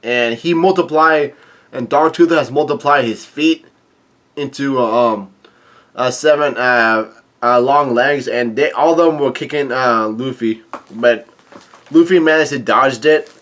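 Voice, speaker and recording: A man casually recapping a comic chapter, halting and full of fillers. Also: mid-range voice, fairly bright tone. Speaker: manga chapter reader. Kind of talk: casual manga recap reading.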